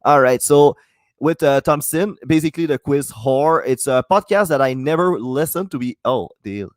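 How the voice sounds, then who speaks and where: A man's voice: fairly high pitch, normal speed, no room sound, studio quality. A man with a Quebec French accent hosting a podcast, rambling, swearing a lot and mocking himself in casual chat. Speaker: podcast host.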